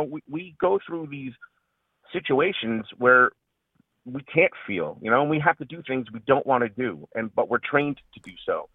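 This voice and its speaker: A man, a veteran and radio guest, talking earnestly about his service, halting and restarting often. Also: mid-range voice, dry recording, phone-quality sound. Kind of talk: radio interview.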